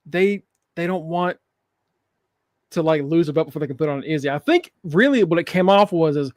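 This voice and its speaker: A man with a high voice co-hosts a wrestling podcast, joking and cursing as he recaps the show. He acts out the wrestlers' lines in quotes. The sound is close and dry, with no room around it. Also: animated, moderate pace, dry recording. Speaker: podcast co-host. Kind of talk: casual wrestling chat.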